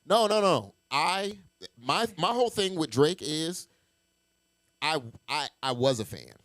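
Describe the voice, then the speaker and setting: A man co-hosting a podcast, talking in a lively, animated way and repeating himself as he jumps into the conversation. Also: fairly high pitch, unhurried. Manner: animated, talks over others, repeats phrases. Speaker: podcast co-host. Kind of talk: casual chat.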